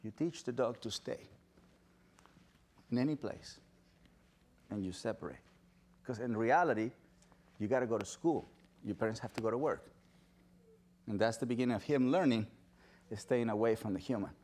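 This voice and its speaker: A man giving an animated storytelling talk at an event, now and then acting out excited dog lovers in high squealing voices. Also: normal speed, long pauses, slight background noise. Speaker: dog behaviorist speaker. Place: event stage.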